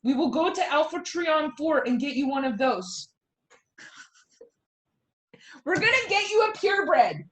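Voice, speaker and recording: A woman voicing a panicky, bossy alien mother who yells at her children to lock the doors and buckle up, heard over a video call. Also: high voice, big pitch swings, takes it slowly, long pauses, slight background noise, full character voice. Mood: scolding. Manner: bossy, panicky, yelling at kids. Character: frantic alien mother steering a UFO family.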